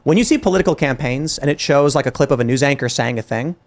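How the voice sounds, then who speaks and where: A man hosting a political talk show, speaking in an animated, exasperated way with many restarts and acted-out quotes. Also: mid-range voice, fast. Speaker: podcast host. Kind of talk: heated political commentary.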